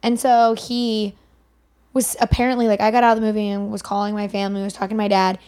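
A woman co-hosting a podcast, telling rambling, lively anecdotes and acting out what people said. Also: medium pitch, fast. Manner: lively, rambling, acts out quotes. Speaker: podcast co-host. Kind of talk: casual storytelling.

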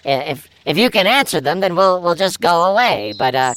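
A man's voice: sits high, sing-song, fairly quick, a bit bright, a little hiss or hum. A man playing a stammering timid village boy. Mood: hesitant. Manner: stammering, nervous. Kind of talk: improvised comedy role-play.

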